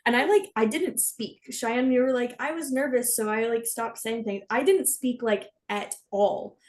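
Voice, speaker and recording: A woman's voice: on the high side, normal speed, slight background noise. Candid young woman on a podcast. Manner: candid, self-deprecating storytelling. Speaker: podcast co-host. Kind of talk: casual chat.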